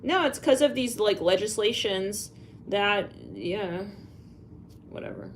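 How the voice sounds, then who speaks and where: A woman's voice: medium pitch, expressive, slow. Woman psychic channeling live, rambling, spells out letters, sighs, faint background noise. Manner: rambling, musing aloud with sighs and fillers. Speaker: psychic reader.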